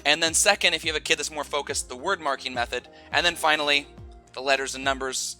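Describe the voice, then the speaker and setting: A man giving online teaching advice in an energetic, demonstrative way. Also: mid-range voice. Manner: energetic, demonstrates stress with slow exaggerated example sentences. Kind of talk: online teaching tips video.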